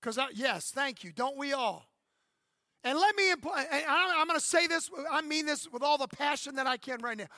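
A man's voice: extremely high pitch, animated, normal speed, pushed and bright, dry recording, clean studio sound. A man in his fifties, a pastor preaching an emphatic sermon and calling out for amens. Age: 50s. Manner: emphatic preaching with calls for amen.

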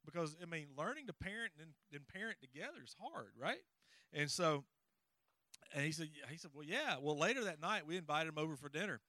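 A man's voice: a little high, animated, fairly quick, sharp tone, dry recording. A middle-aged man, co-presenting a parenting seminar in a folksy, rambling way with stories and audience check-ins. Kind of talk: conversational teaching with personal stories.

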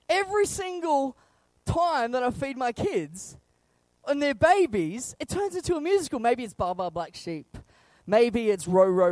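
A young man preaching a sermon, telling funny stories about fatherhood in a lively, playful way. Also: extremely high pitch, no echo. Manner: animated, humorous storytelling that acts out scenes.

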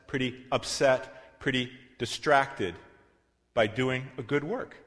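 Pastor, male, mid-pitched, conversational sermon delivery full of asides, loud then hushed, long hall reverb. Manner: conversational preaching with asides and self-corrections; swings between loud emphasis and quiet, soft passages.

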